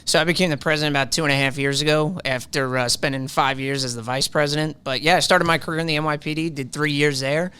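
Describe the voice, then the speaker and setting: A man's voice: a little high, fairly even intonation, fast, few pauses, bright, forceful tone, clean tone. A man from New York, a police union president guest, speaking with a New York accent mixed with some Texas, upbeat and plainspoken. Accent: New York with a bit of Texas. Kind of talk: interview conversation.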